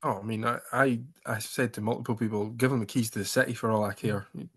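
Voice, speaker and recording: A man's voice: lowish voice, fairly even intonation, fast talker, breathy edge. A man appearing as a guest on a casual football podcast, speaking earnestly and restarting his sentences.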